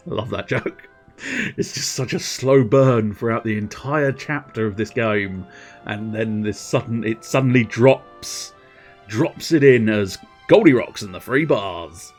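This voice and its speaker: A man streaming a video game talks casually and laughs a lot. His voice is lowish and husky. Faint game music runs in the background. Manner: giggly, amused asides. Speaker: gaming streamer. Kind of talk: casual let's-play commentary.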